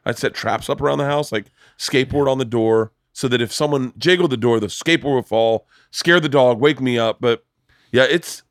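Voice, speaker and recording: Middle-aged man, podcast host, casual chat, animated profane storytelling, mid-pitched voice, dry close sound. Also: normal speed, no echo.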